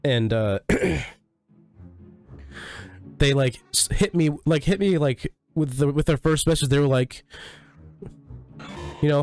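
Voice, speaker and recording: A man livestreaming in casual, rambling chat, swearing a lot and sounding sick, coughing and clearing his throat often. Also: a little high, normal speed, pauses often, darkish tone. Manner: profane, ranting, full of fillers. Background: faint music.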